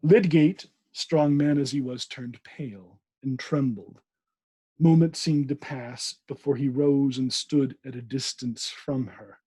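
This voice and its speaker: A man's voice: mid-range voice, steady tone, takes it slowly, dark tone, husky, no echo. A man, a podcast host, reading a classic novel aloud with asides, who stumbles over names and corrects himself.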